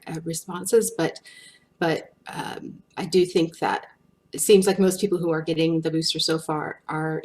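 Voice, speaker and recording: A woman speaking as a research guest in a webinar, answering questions with frequent fillers and restarts. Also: low-pitched. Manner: hesitant, many restarts and fillers.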